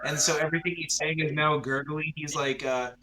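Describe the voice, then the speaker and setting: Casual guy game master narrating, bright tone, loose and rambly. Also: a little high, level tone, a little fast. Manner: loose, filler-heavy storytelling with sung sound effects.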